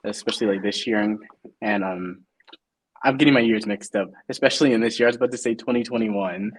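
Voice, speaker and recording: A man's voice: on the low side, fast, slightly rough, rough recording. A man hosting an interview, asking long, rambling questions in a casual, chatty way. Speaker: interviewer, host.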